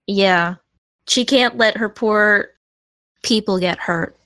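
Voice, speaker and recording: A woman playing a tabletop role-playing game, working through her turn out loud with hesitant pauses. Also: mid-range voice, no room sound. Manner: thinking aloud, hesitant. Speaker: player. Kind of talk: tabletop game play, casual.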